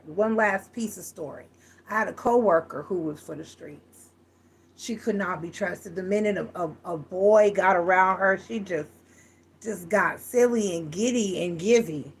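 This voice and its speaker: A woman's voice: mid-range voice, vocal fry, a bit bright, breathy edge. A woman giving a casual, frank tarot reading, chatty and full of restarts. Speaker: tarot reader.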